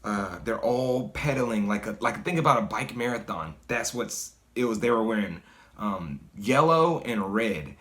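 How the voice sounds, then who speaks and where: Man with a lowish voice, relaxed spoken storyteller, loose and profane, heavy on "like.". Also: moderate pace. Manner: loose and conversational, swears freely, many "like" fillers. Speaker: guest storyteller. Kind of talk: casual spoken personal story.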